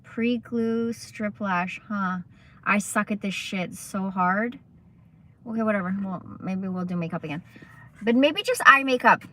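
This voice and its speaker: Young adult woman, bright tone, loose profane livestream chatter, rambling storyteller. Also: medium pitch, a little slow. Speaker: livestream host. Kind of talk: casual chat livestream.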